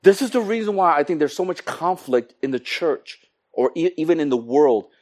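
A man preaching a sermon to his congregation, animated, acting out quoted exchanges with comic voices. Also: on the high side, normal speed. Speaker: pastor.

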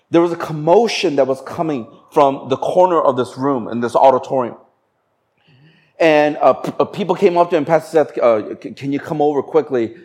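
A male pastor telling a story in a sermon, animated and swinging between raised and hushed delivery. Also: on the high side.

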